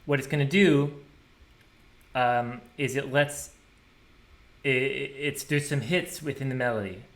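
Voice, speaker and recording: A man walking through a program he wrote, thinking aloud in a relaxed, casual way and scatting drum rhythms. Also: mid-range voice, unhurried. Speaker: programmer demonstrating his software. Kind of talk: casual screen-share tutorial.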